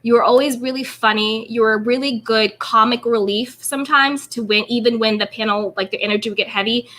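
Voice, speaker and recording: A woman's voice: on the high side, fairly even intonation, a little fast, pushed and bright. A woman hosting an interview, talking casually and emphatically, leaning heavily on "like" and repeating words. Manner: emphatic, repetitive, fills with "like". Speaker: host.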